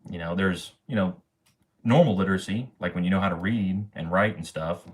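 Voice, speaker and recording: Young male streamer in his twenties, very low voice, casual and cussing, bro-heavy slang. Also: slight background noise. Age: 20s. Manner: slangy and profane, says bro and man a lot. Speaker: livestream host. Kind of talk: casual livestream chat.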